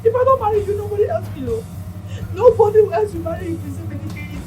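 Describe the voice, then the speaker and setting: A woman's voice: very high voice, brisk, a little mellow, faint music behind. An actress playing a desperate, scheming village woman, pleading intensely in a film drama. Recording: echoey room with film score.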